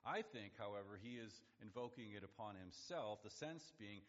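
A man's voice: lively intonation, moderate pace. A pastor preaching an expository sermon with emphasis, acting out quoted lines by lifting his voice. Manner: emphatic, acts out quoted lines with rising pitch. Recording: dull lo-fi audio with long hall reverb.

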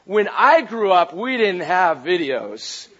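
High-voiced animated male pastor preaching. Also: slow pace, husky. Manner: animated and playful, shouting for emphasis. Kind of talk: sermon. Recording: dull lo-fi recording.

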